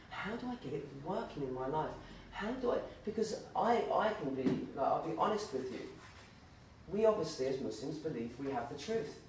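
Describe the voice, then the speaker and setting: A man giving an informal, animated talk full of anecdotes and fillers, in a university lecture room. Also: on the high side, slight background noise. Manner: animated, acts out voices in the stories, many fillers. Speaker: guest speaker at a campus talk. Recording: very echoey room, distant mic.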